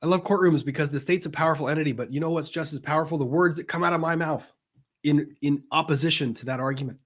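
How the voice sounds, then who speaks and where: A man's voice: a little high, fast. A man who is an attorney hosting a livestream, reading viewer comments aloud and answering them frankly in a conversational way. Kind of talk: live-stream commentary reading viewer chat.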